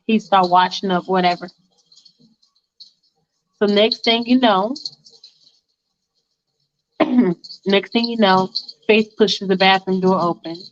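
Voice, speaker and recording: A woman tells a fan story casually, with chatty, slangy asides to her listeners. Her pitch sits in a middle range for a woman. The recording sounds dull and lo-fi.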